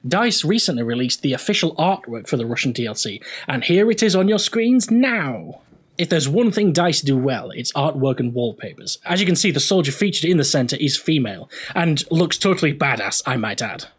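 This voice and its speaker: A man's voice: a little high, big pitch swings, fairly quick, breathy edge. A young man hosting a gaming video, explaining history casually with jokey, rambling asides.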